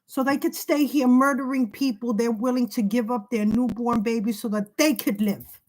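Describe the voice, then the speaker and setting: Speaking at normal speed with fairly even intonation, a woman with a slightly high, darkish voice gives a spiritual tarot reading. She gets agitated, repeats herself, and swears, all on poor audio.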